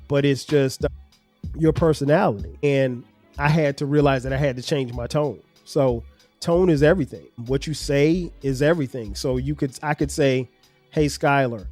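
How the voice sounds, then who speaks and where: A mid-range, darkish voice belongs to a middle-aged man hosting a reflective podcast about family. Speaking earnestly as a father about his children, he tells stories with acted examples and restarts his sentences frequently.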